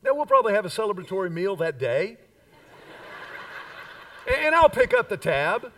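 A man's voice: sits high, big pitch swings, moderate pace, a bit bright, distant mic, low-quality recording. A man in his fifties preaching a sermon as pastor, with emphatic repeated lines and call-and-response. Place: church sanctuary.

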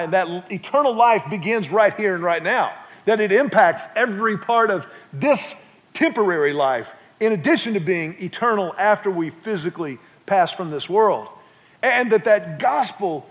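A man's voice: sits high, a bit bright, big-room sound. A man preaching a sermon, telling a family story and asking the congregation questions. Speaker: pastor.

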